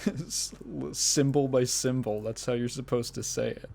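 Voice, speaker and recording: A man's voice: mid-range voice, unhurried, gravelly, a little mellow. A man hosting a solo gaming podcast in a casual, rambling way, swearing freely and often breaking into laughter. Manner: rambling, profane, laughs often mid-sentence. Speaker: podcast host.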